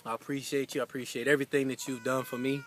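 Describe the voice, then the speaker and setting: A young man giving a heartfelt anniversary message to his wife, telling a story casually with lots of fillers and animated retellings. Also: medium pitch, very fast, background noise.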